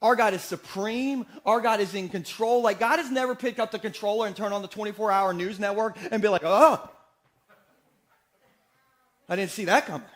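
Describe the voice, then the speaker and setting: High-voiced joking pastor. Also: male voice, a little fast, few pauses. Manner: energetic, joking, asks the congregation questions. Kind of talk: sermon. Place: church sanctuary.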